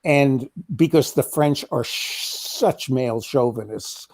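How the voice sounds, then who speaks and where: A man in a casual political chat, talking in a wry, measured, sardonic way. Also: mid-range voice, darkish tone. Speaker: co-host.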